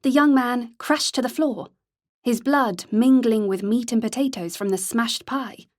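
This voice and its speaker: A woman narrating an audiobook in a measured, steady storytelling manner. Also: on the high side, no echo, clean studio sound.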